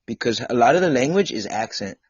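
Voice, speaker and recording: A man's voice: mid-range voice, animated, fast talker, lo-fi sound. A man hosting a podcast in casual chat over a video call, blunt, profane and joking. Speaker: podcast host.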